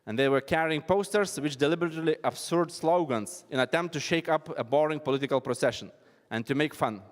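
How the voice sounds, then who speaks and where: A man giving a halting, self-deprecating talk at an arts event, with non-native phrasing. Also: fairly high pitch, long reverb tail. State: out of breath. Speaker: performance artist presenting. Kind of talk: informal spoken presentation. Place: large hall at an arts event.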